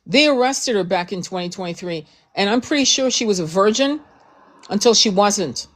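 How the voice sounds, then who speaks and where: A woman's voice: medium pitch, animated, normal speed. A woman hosting a casual talk stream, speaking bluntly and emphatically, swearing often and repeating herself as she makes her point. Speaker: host. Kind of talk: heated casual commentary.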